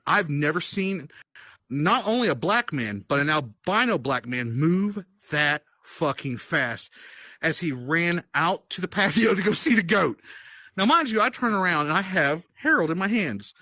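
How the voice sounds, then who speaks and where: A man with a high, bright voice tells a wild night-out story in a casual, profane way. His pitch leaps around as he acts out the moments and laughs along. The sound is close and dry. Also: big pitch swings, a little slow, no room sound. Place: virtual-world chat session.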